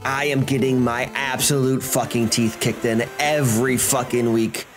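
A man hosting a gaming channel, ranting and swearing through his gameplay commentary, swinging between shouting and muttering. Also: mid-range voice, fairly even intonation, normal speed, music in the background.

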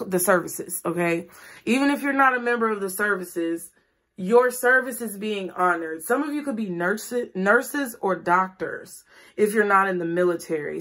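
A woman gives a casual tarot reading straight to camera. She talks in a chatty, blunt, informal way and keeps checking in with her viewers. Her pitch sits in the middle range for a woman. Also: a bit bright. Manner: chatty, says "okay?" often, blunt and informal. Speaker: tarot reader.

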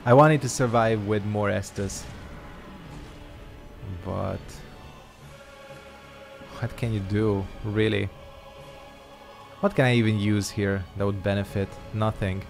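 A man's voice: on the low side, steady tone, slow pace, vocal fry, long pauses, faint music behind. A man giving casual gameplay commentary as a gaming YouTuber, sarcastic and swearing through frustrated outbursts.

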